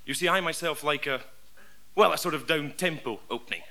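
A Scottish man performing dry, deadpan radio sketch comedy as one half of a double act. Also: fairly high pitch, brisk, very noisy. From Scotland.

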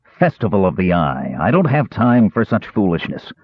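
A man's voice: fairly low pitch, very animated, normal speed, husky, dry recording. A man reading an audiobook, voicing a stern, irritable middle-aged nobleman who snaps his words curtly. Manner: curt, snapping. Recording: dry, tinny phone-like sound.

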